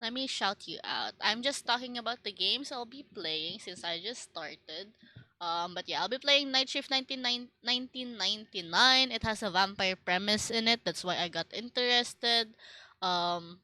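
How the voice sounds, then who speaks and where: A woman's voice: mid-range voice, normal speed, bright, forceful tone, poor audio. A young Filipino woman streamer with a Filipino accent, chatting casually and rambling with lots of fillers and restarts. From Philippines.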